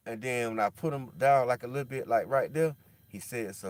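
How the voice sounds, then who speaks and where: With slight background noise behind him, a man talks briskly in a casual, rambling monologue full of slang like "bro" and "dog." He veers between animated loudness and a low, somber mutter.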